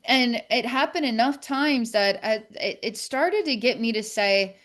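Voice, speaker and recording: A woman speaking as a podcast guest, telling a personal story candidly in a reflective, halting way with many restarts. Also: on the high side, lively intonation, fairly bright tone.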